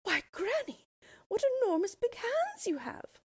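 A woman's voice: very animated, measured pace, full character voice. Little Red Riding Hood, as a woman puts her on. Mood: wondering. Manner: high, eager exclamations. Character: little girl, sweet, curious, wide-eyed.

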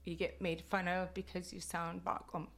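A woman's voice: on the low side, normal speed, vocal fry, faint music behind. Laughing woman with Kwakwala-accented English. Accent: Kwakwala-influenced English. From Alert Bay, Canada. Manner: laughing, animated retellings with filler words. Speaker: interviewee, Kwakwala speaker. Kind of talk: casual storytelling interview.

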